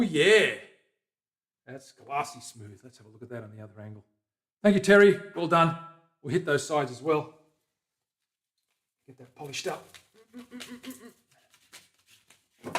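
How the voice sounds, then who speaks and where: A man hosting a casual workshop stream, chatting to viewers and a helper as he works. His volume swings between loud, excited bursts and quiet mumbles to himself. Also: on the high side. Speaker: guitar builder hosting a livestream. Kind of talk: casual workshop chat while working.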